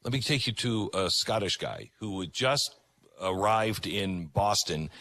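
A man's voice: fairly low pitch, lively intonation, a little slow, sharp tone, no room sound. A male host giving emphatic, conversational commentary while introducing video clips.

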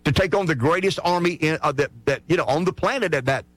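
A man's voice: fairly high pitch, fast talker, no room sound. Passionate rural Southern radio man. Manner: passionate, emphatic, repeats words as he builds his point. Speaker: radio host. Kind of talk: morning radio talk.

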